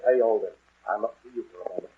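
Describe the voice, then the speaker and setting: A concerned young man from an old radio drama, played by an actor, speaking quickly and urgently in a slightly low, husky voice. The sound is thin like an old broadcast. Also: narrow, tinny audio, a little hiss or hum, close to an everyday voice. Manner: brisk, urgent, confiding. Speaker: Mister Alden in a radio drama. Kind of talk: 1940s radio acting.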